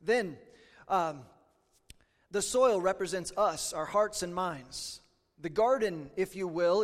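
A pastor from Kansas preaching a sermon to a congregation in a folksy, conversational way with fillers. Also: male voice, high voice, in a large hall. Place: church sanctuary.

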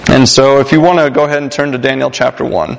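A man's voice: medium pitch, steady tone, fast, gravelly. A young man preaching a sermon in a church, casual and joking with many fillers. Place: church sanctuary. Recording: long hall reverb.

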